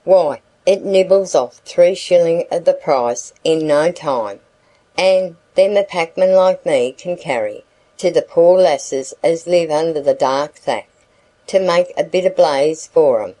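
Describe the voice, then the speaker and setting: A woman's voice: deep voice, a little slow, mellow, rough recording. A woman doing a wheedling country packman. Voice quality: broad country dialect. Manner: coaxing sales patter. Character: rustic male packman, wheedling and talkative.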